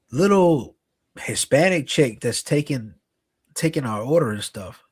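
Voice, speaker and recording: A man's voice: mid-range voice, darkish tone. A man co-hosting a casual late-night podcast, laid back and full of "you know what I'm saying". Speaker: podcast co-host.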